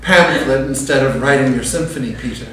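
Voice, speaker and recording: A man's voice: medium pitch, a little fast, fairly bright tone, lightly acted. A man in a live improv scene playing a grandiose, self-adoring muse with a theatrical manner. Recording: echoey room from far off, noisy.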